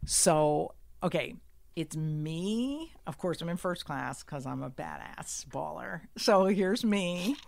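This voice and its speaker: A woman's voice: fairly low pitch, lively intonation, takes it slowly, creaky. Brash, profane woman telling a story. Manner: brash, profane, swings from hushed to shouting. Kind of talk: casual storytelling chat.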